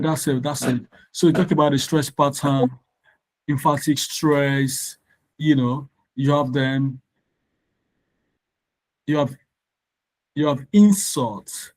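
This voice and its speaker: During a live online session, a male tutor explains exam questions at a steady, measured pace, breaking off at times to confirm the class can hear him via his computer mic. His pitch is ordinary middle range with a slightly mellow tone, and the recording is low quality.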